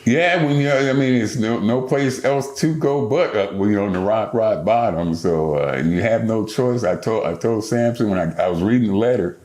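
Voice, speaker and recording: An older man telling stories as a podcast guest, animated and profane, acting out other people's lines. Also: on the low side, moderate pace, few pauses, echoey room. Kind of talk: storytelling interview.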